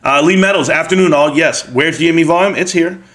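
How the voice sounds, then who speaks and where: A man with a slightly higher voice hosts a live stream and chats casually with his viewers. He reads their comments aloud in joking banter and laughs often. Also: a little fast, fairly bright tone.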